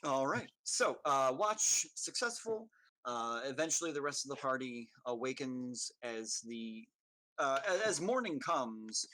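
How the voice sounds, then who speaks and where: A man narrating as game master for a tabletop game, pausing often with ums and uhs. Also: medium pitch, very animated, pushed and bright, no room sound. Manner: halting, many ums and uhs.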